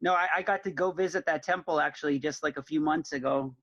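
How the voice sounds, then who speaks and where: A man's voice: on the high side, quick pace, a bit bright, no room sound, highs cut off. A man in a casual chat who talks in a friendly way and laughs easily, heard over a call. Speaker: community member, guest.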